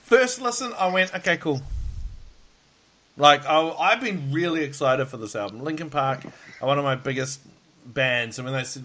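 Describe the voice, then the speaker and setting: A man's voice: mid-range voice, a bit bright. A tired man hosting a podcast over a call, rambling, laughing a lot and swearing freely. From Australia. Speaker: podcast host. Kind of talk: casual chat. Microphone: video call.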